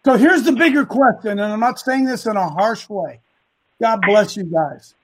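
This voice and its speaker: A man's voice: high-pitched, moderate pace, slight background noise, low-quality recording. A man hosting a church-flavored talk, preaching and asking rousing rhetorical questions. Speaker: host. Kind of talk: casual chat.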